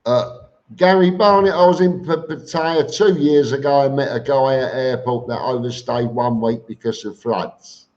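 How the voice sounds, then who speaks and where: Heard through dull, lo-fi stream audio, this middle-aged Englishman with a Cockney accent talks at a normal speed in a slightly mellow, mid-range voice. He goes through viewer comments on his live stream, plain-spoken and blunt, repeating words and saying "um" a lot.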